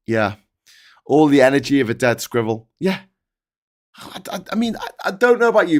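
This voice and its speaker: A middle-aged man hosting a live stream, talking in casual, animated, sweary commentary. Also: medium pitch.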